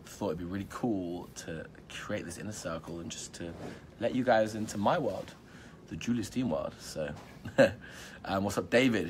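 A man with a deep, low voice chats casually on a live stream and reads fans' comments out one after another. He keeps it upbeat and hypes his viewers, with plenty of "um" and "like." A faint hum sits underneath. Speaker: magician hosting a live stream. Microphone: phone or laptop live stream.

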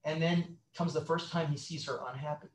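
A middle-aged man, a sex therapist, talking as a guest in an interview, animated and acting out quotes with many restarts. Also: on the high side, fairly quick. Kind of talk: conversational interview. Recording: roomy echo.

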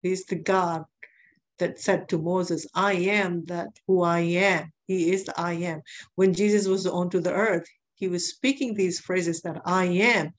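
A woman's voice: lowish voice, steady tone, unhurried. A woman preaching a sermon, telling a testimony in an earnest way and repeating phrases for emphasis.

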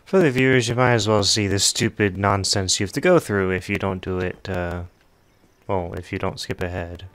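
Laid-back lower-voiced male streamer. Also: fairly even intonation, moderate pace, a bit bright. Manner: laid-back, joking, mocking. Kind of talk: casual gaming commentary.

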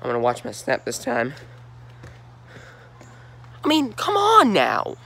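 An exasperated man from Georgia hosts a solo sports talk vlog, firing off disbelieving questions and repeating himself. His voice is bright and edgy, and it swings widely in pitch as he vents. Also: huge pitch swings, slow, gravelly, breathy edge. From Georgia, USA.

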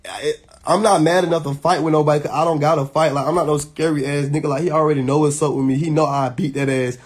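A man's voice: fairly high pitch, fairly even intonation, fast talker, slightly rough. A man, venting heatedly and emphatically to his viewers, swearing and restarting often. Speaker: social media personality. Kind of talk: venting straight to camera.

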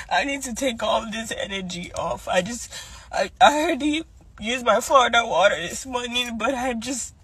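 A young woman crying as she talks in a personal vlog, halting and restarting her sentences. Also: a little high, pushed and bright, breathy edge, no echo, poor audio. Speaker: vlogger.

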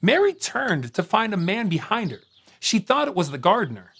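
A man narrating a scripted children's Bible story in an expressive way, with dramatic pauses. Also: high voice, vocal fry, slight background noise. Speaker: storyteller on a kids' show.

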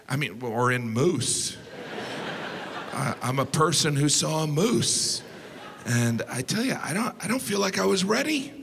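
A male stand-up comedian performing to a live audience, mixing deadpan asides with sudden high-pitched incredulous outbursts. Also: a little slow, gravelly. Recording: live show with loud audience noise.

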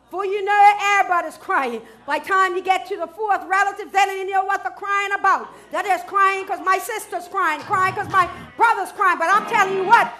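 A middle-aged woman pastor preaching a sermon in church, building to shouts and drawing call-and-response from the congregation. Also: very high voice, steady tone, fairly quick, few pauses.

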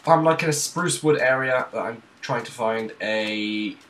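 A man's voice: medium pitch, measured pace, a bit bright. A man chatting casually during a co-op game, jokey and teasing. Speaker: gaming host. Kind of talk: casual gaming chat.

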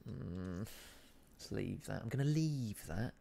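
On a casual gaming stream, a man in his thirties with an Essex accent reads viewer comments aloud, curses, and jokes about how badly he's playing. His voice is on the low side, warm and creaky, animated but slow.

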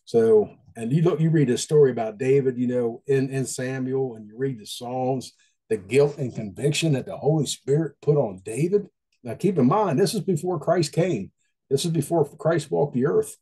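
A man gives a casual devotional talk in a mellow, relaxed voice. He speaks in a folksy, conversational way and circles back to repeat his points. His pitch sits in an ordinary middle range. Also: moderate pace, husky.

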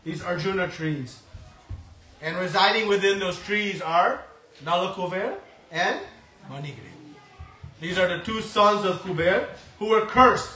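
A man preaching a devotional storytelling lecture in an animated way, acting out voices and laughing often, heard from a distance in an echoey room. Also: high voice, unhurried, pauses often, slight background noise.

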